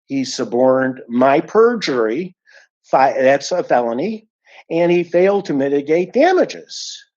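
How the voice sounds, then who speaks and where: A man's voice: a little high, very animated, unhurried, darkish tone, highs cut off. A man giving an indignant, emphatic account of a complaint as an unhappy client, stressing and repeating his points. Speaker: dissatisfied client giving a review.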